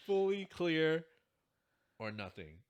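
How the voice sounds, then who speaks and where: A young man chatting casually as a podcast co-host. His pitch rises and falls in lively swings, and he jokes and laughs a lot while teasing his friend. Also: slow pace, highs cut off. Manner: joking, laughs often, playful teasing. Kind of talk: casual chat.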